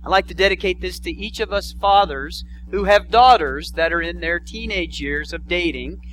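Middle-aged pastor guy preaching, lively storytelling, kinda high bright voice. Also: normal speed, a little hiss or hum, rough recording. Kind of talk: sermon with a told joke story.

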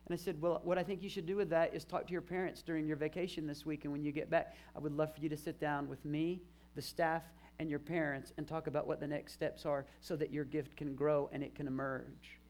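Fifty-something pastor preaching, emphatic rises. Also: male voice, a little high, level tone, brisk, hardly any pauses, darkish tone. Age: 50s. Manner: storytelling, retelling conversations, emphatic rises. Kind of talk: sermon.

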